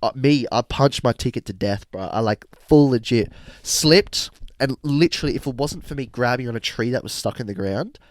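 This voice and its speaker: A young man hosts a casual podcast, spinning a story with lots of slang and laughter. His voice sits at a middle pitch. The sound is close and dry. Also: dry recording. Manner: animated, slangy, quick to laugh. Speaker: podcast host.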